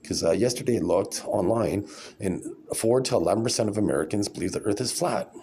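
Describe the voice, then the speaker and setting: A man's voice: fairly low pitch, brisk, dark tone. A man in his forties talking in a rambling, sarcastic, blunt casual vlog rant. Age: 40s. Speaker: vlogger.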